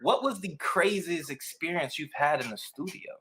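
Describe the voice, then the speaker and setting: A man's voice: fairly high pitch, animated, normal speed, bright, forceful tone. A man hosting a casual livestream interview, hyped and slangy, cheering his guest on. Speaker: host.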